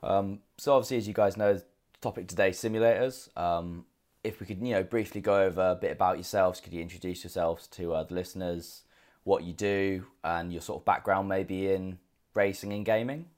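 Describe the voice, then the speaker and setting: A man with a fairly low voice co-hosts a casual podcast. He chats freely and tells stories with animation. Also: a little fast. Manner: chatty, animated storytelling. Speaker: podcast co-host. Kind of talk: casual chat.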